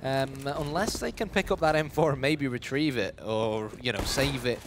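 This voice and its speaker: A man casting a live esports match, lively and playful, building excitement in the big moments. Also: mid-range voice, normal speed, noisy background. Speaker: esports commentator.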